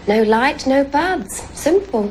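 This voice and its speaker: An actress playing a widowed woman gardener in a film scene, soft-spoken and modest. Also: high-pitched, expressive, slow, heavy background noise. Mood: gentle. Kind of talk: film dialogue.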